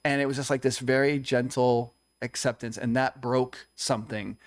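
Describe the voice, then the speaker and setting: A man's voice: medium pitch, steady tone, normal speed, no room sound. A young man telling a personal story in a conversation, earnest and confessional, acting out what others said. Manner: earnest, confessional, tells stories with quoted dialogue. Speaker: co-host.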